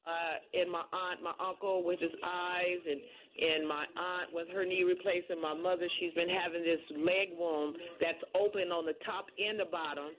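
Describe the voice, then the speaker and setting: A woman calling in to a radio show with prayer requests, talking haltingly with many fillers. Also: lowish voice, steady tone. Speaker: caller. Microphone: telephone. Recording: tinny phone line.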